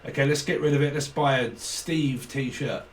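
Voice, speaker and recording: A man's voice: medium pitch, moderate pace, distant mic, slight background noise. A man giving a casual channelled tarot reading, rambling, swearing often and laughing between thoughts. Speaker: tarot reader.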